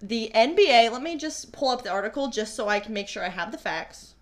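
A woman's voice: on the high side, animated, fairly quick. Bubbly, giggly young woman co-host. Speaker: podcast co-host. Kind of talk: casual chat.

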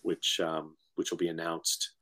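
A man as an author guest in a casual interview, telling stories in a relaxed way. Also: sits low, unhurried. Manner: relaxed, storytelling.

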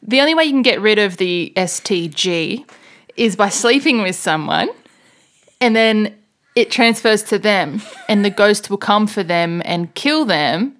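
Co-hosting a podcast, this woman rambles through a story in casual chat, laughing often. Her mid-range voice is fairly bright, with lively intonation and an unhurried pace.

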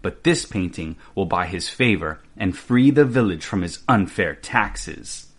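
A man voicing a wise older master painter in a read-aloud storybook, speaking quietly and in a measured way. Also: sits low, expressive, slightly rough, exaggerated voice.

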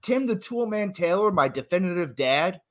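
A man's voice: high-pitched, animated, normal speed, fairly bright tone. A man co-hosting a podcast, chatting casually with a jokey, playful manner. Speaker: podcast co-host. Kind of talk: casual chat.

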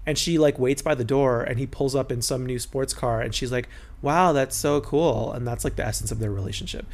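A chatty man talks through a reality TV recap in a loose, gossipy way. He slips into quick impressions of the people he describes, and his voice sits in an ordinary middle pitch for a man. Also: fairly even intonation, darkish tone. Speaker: podcast host.

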